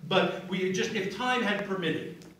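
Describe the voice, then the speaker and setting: Stage hypnotist, male, higher voice, soothing patter, taped far from the stage in a reverberant venue. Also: a bit bright. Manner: slow soothing suggestions, then apologetic banter. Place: live venue with audience. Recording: echoey room, taped from afar.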